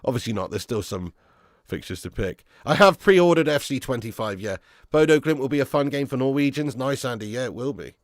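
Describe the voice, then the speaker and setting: A young man runs a football fan live stream, reading out viewer comments with casual banter, laughing often and calling viewers lad and mate. His medium-pitched voice is expressive and a little fast, captured dry at studio quality.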